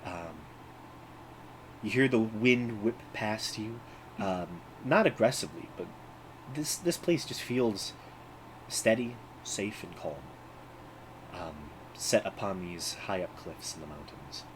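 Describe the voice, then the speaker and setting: A man's voice: lowish voice, animated, rough recording. Guy running a tabletop game, lots of ums, faint room hum behind. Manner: halting, many ums and uhs. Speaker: game master.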